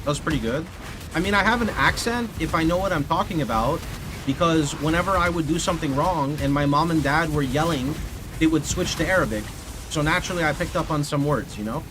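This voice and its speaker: A man, a streamer, talks casually to his chat in a fairly high voice. He tells rambling stories and keeps stopping to correct himself. A clear steady hiss sits under his studio-mic recording. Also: a little fast. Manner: rambling, self-correcting storyteller. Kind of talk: casual livestream chat, answering chat. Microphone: studio condenser mic. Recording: steady background noise. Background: steady noise.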